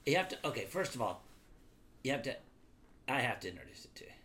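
A man's voice: medium pitch, very animated, quick pace, bright, forceful tone, slight background noise. A middle-aged man co-hosting a family podcast, joking around, teasing and swearing casually. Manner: jokey, teasing, swears freely. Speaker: podcast co-host, the host's father.

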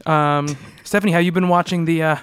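A man's voice: fairly high pitch, fairly even intonation, a little fast, fairly bright tone, smooth, dry recording. A man hosting a comics podcast, opening the show and chatting with an upbeat, jokey manner. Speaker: podcast host. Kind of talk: casual chat.

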